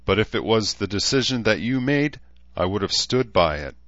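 A man voicing a calm, thoughtful male noble commander who explains things in a reasoned, measured way, in an audiobook. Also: on the low side, dry recording, highs cut off, voice pushed up. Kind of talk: audiobook character voice.

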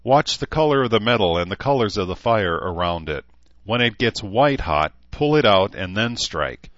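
Guy playing a gruff old blacksmith barking tips, deep low voice, dry dull sound. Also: expressive, normal speed, a bit bright, no echo. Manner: growling, instructive. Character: gruff older male blacksmith, stern teacher.

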